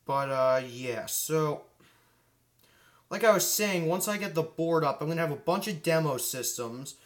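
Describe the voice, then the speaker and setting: A man's voice: a little high, expressive, measured pace. A man chatting casually on a live stream while working with his hands, rambling with lots of fillers. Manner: rambling, filler-heavy, thinking aloud. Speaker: live streamer, fire alarm hobbyist. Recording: roomy echo.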